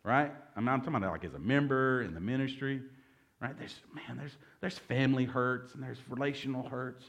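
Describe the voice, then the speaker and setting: A man's voice: mid-range voice, fairly quick, a bit bright. A man in his forties preaching a conversational sermon as pastor, joking and calling out to the congregation. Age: 40s. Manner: conversational, joking, calls for audience response.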